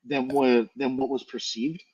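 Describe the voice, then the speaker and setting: A man's voice: mid-range voice, steady tone, a little slow, darkish tone, muffled recording, slight background noise. A man chatting on a live stream, slangy and crude, joking around. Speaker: co-host. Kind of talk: casual chat.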